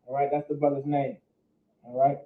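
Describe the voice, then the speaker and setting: A man teaching a class at a board, slow and patient, breaking words into syllables and repeating them. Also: medium pitch, flat delivery. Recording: echoey room over a phone-like line.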